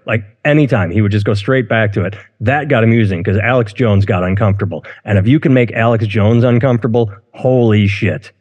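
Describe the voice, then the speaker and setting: A man's voice: on the low side, fairly quick, few pauses, darkish tone, highs cut off. A man co-hosting a casual podcast chat, rambling and outspoken, often restarting his words. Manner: rambling, self-interrupting, outspoken. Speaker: podcast co-host. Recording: long room reverb.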